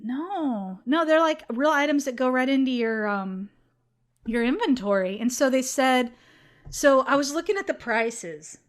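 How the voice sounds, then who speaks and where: A young woman co-hosting a casual gaming podcast, chatty and quick to laugh. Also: high voice. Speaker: podcast co-host.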